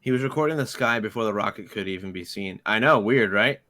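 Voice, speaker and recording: A man's voice: on the low side, quick pace, sharp tone. A man from the United States, co-hosting a casual livestream, joking and swearing often. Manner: profane, joking. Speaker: co-host.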